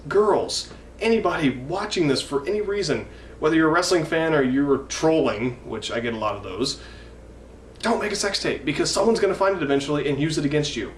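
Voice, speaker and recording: A man's voice: a little high, a bit bright, distant mic. A man in his twenties ranting in a vlog, profane, indignant and rambling. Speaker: wrestling fan vlogger. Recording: echoey room, mic from afar, faint noise.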